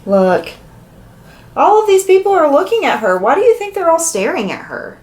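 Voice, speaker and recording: Her voice is very high and her pace moderate. She's an animated children's story reader, sharing a picture book aloud and putting questions to the young kids listening.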